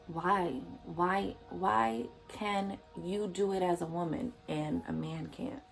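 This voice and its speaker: A woman with a low, gravelly voice gives motivational vlog commentary. She preaches with emphatic repetition. Faint music plays behind her. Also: takes it slowly. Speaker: vlogger.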